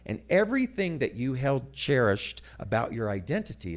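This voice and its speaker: A man telling a story as a sermon, dramatic and animated, dropping to hushed asides. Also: medium pitch, normal speed, few pauses. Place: church sanctuary.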